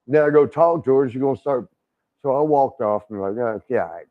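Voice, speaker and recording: Older man, raunchy storyteller, laughs a lot, swears, mid-pitched voice, dull lo-fi audio. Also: brisk. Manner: laughs often, swears, acts out quotes. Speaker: wrestling legend guest. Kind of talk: casual storytelling.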